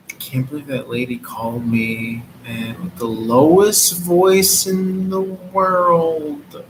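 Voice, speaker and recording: A man's voice: on the high side, level tone, a little hiss or hum, low-quality recording. A man hosting a casual tarot livestream, joking and mocking with a lot of profanity and laughter. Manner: counts slowly aloud. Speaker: tarot reader and livestream host.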